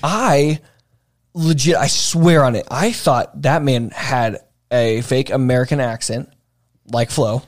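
A man's voice: medium pitch, slow pace. Male podcast co-host, casual chat, rambling, lots of fillers and restarts.

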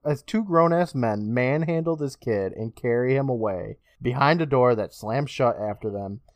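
A male podcast co-host recaps a show in a lively storytelling way, laughing often and swearing along the way. His voice sits in a middle pitch and sounds dry and close to the mic. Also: moderate pace, no room sound. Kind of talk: casual episode recap.

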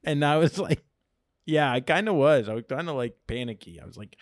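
A young man with a medium-pitched, expressive voice talks a little fast as he co-hosts a comedy podcast. In casual chat he tells a rambling story, laughing often and acting out his own lines.

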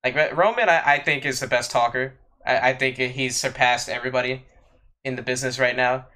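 A man's voice: mid-range voice, fairly even intonation, fairly quick, pushed and bright. A man co-hosting a podcast who chats casually, with many fillers and repeated words. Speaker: podcast co-host.

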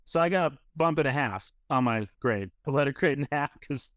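A man's voice: medium pitch, animated, brisk, hardly any pauses, a bit bright, no room sound. A man in his thirties from New Hampshire, a guest telling a story casually and peppering it with "like". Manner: rambling, filler-heavy with frequent "like". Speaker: restaurant owner guest.

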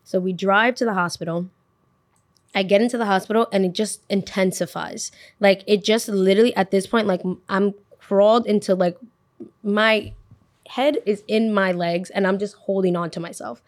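A woman's voice: mid-range voice, steady tone, moderate pace, no room sound. Young woman host, casual storyteller, chatty and dramatic, dry close mic. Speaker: podcast host.

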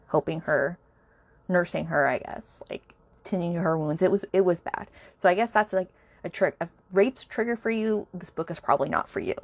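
A woman's voice: fairly low pitch, no echo, clean studio sound. A woman hosting a podcast, talking through a book in a casual, indignant and sarcastic rant, with many asides to the listener. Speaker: podcast host.

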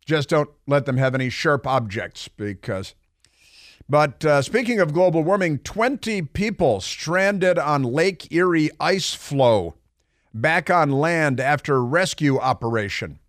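A middle-aged talk radio host delivers a sarcastic, mocking monologue with animated storytelling, recorded on a studio microphone with no echo. His voice is a little high and his pace unhurried.

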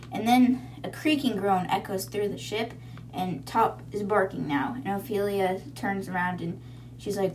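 A woman hosting a book podcast, retelling chapters in a loose, conversational way. She laughs often and drops sarcastic asides. Her voice sits at an ordinary middle pitch. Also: moderate pace, a little mellow, slight background noise. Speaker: podcast host. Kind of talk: casual book recap.

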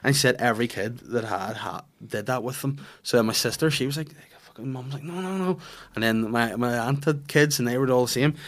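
A quick-talking man chats casually as a podcast host. His pitch sits in the middle for a man. He tells family stories with a lot of swearing and jumps into his kids' voices as he goes. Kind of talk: casual chat.

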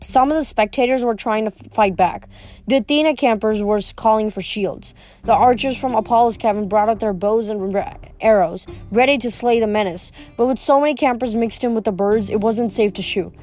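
Woman reading a chapter book aloud, unpolished, slightly high voice, soft music underneath. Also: brisk. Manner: plain reading with small slips and restarts. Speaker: reader.

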